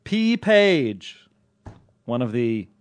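A man's voice: mid-range voice, big pitch swings, extremely slow, clear, resonant tone, no echo. A man hosting a podcast in casual, jokey banter, self-mocking and laughing often. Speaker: podcast host.

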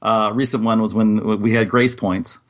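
A man from the United States co-hosting a podcast in relaxed banter, often trailing off and restarting. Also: fairly low pitch, normal speed. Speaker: podcast co-host. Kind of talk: casual chat.

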